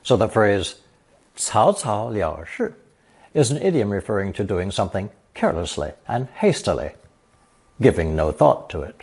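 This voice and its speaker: A man narrating a scripted language lesson, reading example sentences slowly and then translating each one. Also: fairly low pitch, very animated, darkish tone, slightly rough. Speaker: language teacher.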